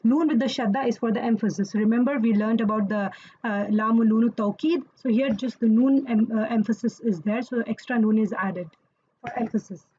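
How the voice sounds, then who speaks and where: A woman's voice: a little high, fairly quick, dark tone, highs cut off, a little hiss or hum. A woman teaching Quranic Arabic grammar in an online lesson, explaining patiently and checking in with listeners as she goes.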